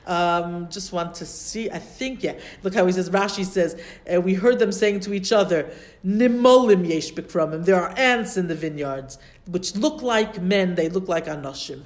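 Woman teacher explaining a text. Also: fairly low pitch. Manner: explanatory, translates Hebrew terms as she goes; pauses often to search her notes. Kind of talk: classroom Bible lesson.

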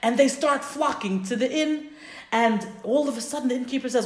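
A woman's voice: a little high, a little fast. Enthusiastic woman teaching in an echoey room. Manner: self-correcting, thinking aloud. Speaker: religious teacher. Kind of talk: prayer lesson with storytelling. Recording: roomy echo.

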